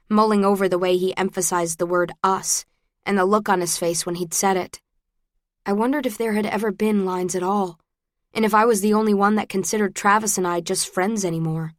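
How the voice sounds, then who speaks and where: A woman narrating a romance audiobook in first person, with even, close storytelling on a studio mic. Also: medium pitch, no room sound.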